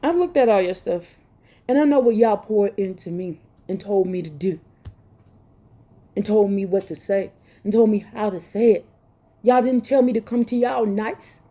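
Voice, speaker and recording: A woman with a high voice delivers a fervent sermon, reading scripture aloud between her own words. She scolds her listeners, repeats phrases over and over, and cries out. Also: mellow. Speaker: preacher. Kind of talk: impassioned street-style sermon with scripture reading.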